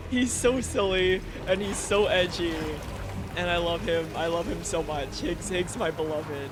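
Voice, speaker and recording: A man's voice: high-pitched, a little slow, background noise. A man live-streaming a video game, chatting casually in a gushing, giggly way and repeating himself.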